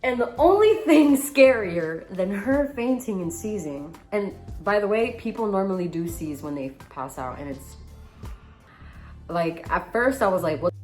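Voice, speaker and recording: A woman's voice: mid-range voice, unhurried, faint music behind. A young woman, a tattoo artist, telling stories in a casual vlog and acting out the voices of the people in them. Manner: animated storyteller, reenacts voices.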